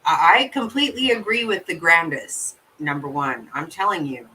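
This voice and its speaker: Blunt, bright-voiced woman streamer. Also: on the low side, expressive, normal speed, distant mic, a little hiss or hum, poor audio. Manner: blunt and profane, laughs easily. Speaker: livestream host. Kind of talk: casual chat reacting to viewer comments.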